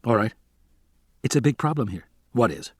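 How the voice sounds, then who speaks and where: A man's voice: mid-range voice, animated, moderate pace, husky, no echo, studio quality. A man voicing an earnest, talkative male field biologist. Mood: confiding.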